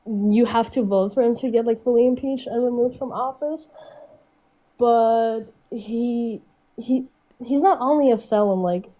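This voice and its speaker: An eighteen-year-old woman calling in while sick, her voice stuffy. She speaks slowly and hesitantly with a mellow tone, filling pauses with ums and likes. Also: a little high, highs cut off. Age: teens. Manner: hesitant, filler-heavy. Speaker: caller. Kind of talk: casual call-in debate.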